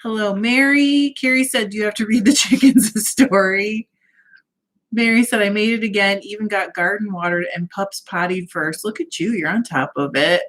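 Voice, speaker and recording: A woman's voice: mid-range voice, a bit bright. A woman hosting a casual livestream from home, cheerfully greeting viewers by name and reading out their comments. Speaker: livestream host.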